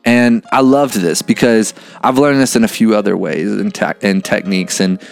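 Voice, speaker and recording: A man's voice: on the low side, normal speed, creaky, soft background music. A man hosting a podcast, musing earnestly in a casual, reflective monologue, swearing freely and often saying "man". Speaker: podcast host.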